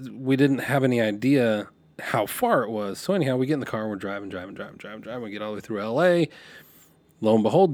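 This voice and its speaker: A middle-aged podcast host casually tells a rambling story from his youth, restarting and correcting his sentences and getting animated when he quotes people. His voice is medium-pitched, and the recording is dry.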